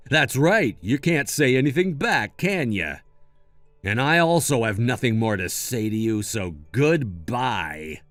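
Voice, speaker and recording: A man's voice: medium pitch, sing-song, slow, dry recording. A man narrating a scripted first-person story, speaking firmly and sarcastically, in a dry recording with faint music behind. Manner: firm, scolding and sarcastic.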